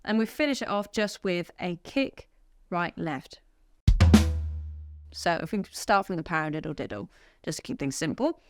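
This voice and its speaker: A lower-voiced woman talks through drum fills in a cheerful, encouraging way, counting out the beats. A loud drum kit plays under and between her words in a music studio. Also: lively intonation, normal speed. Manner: upbeat, counting beats aloud over drumming. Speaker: drum teacher. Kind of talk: instructional drum lesson.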